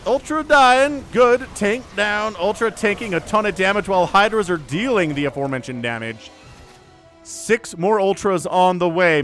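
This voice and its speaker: A man casting a strategy game match solo, giving excitable play-by-play with jokey asides and little voiced quips for the units. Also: high-pitched. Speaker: esports shoutcaster.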